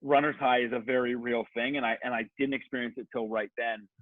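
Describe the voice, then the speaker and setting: Casual male storyteller, rambling and animated, swears freely, tinny phone-like sound, dry. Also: mid-range voice, brisk, no echo. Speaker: podcast guest.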